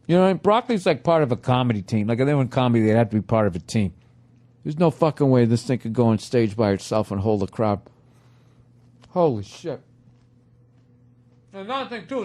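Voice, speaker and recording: A man's voice: mid-range voice, mellow. Profane ranting man chewing on mic. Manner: profane, ranting, talks while chewing food. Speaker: podcast host. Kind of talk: casual comedy podcast monologue.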